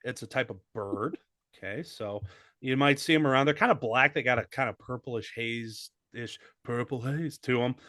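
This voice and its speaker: With a medium-pitched, bright and forceful voice at normal speed, this man is captured on a dry recording. He co-hosts a casual comedy podcast where he riffs, jokes crudely, and slides into a mock English accent.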